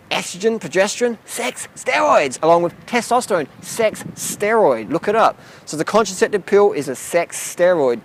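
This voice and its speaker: A man's voice: sits high, a little hiss or hum. A man vlogging outdoors, ranting bluntly and profanely in a rambling way. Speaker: cycling vlogger. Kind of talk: casual rant to camera. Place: outdoors near a boat.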